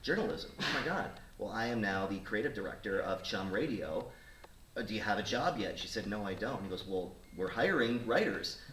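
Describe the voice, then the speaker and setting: At normal speed and with a lowish voice, a radio talk show host in his thirties tells a casual story to a studio audience, animatedly voicing the characters he quotes. The mic sits at a distance, so the sound is roomy with a bit of faint noise.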